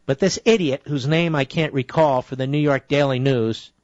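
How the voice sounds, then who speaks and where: A man's voice: mid-range voice, normal speed, a little mellow, dry recording. A middle-aged man hosting a political talk radio show, combative and often rising into indignant tirades. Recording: dry, slightly dull radio broadcast audio.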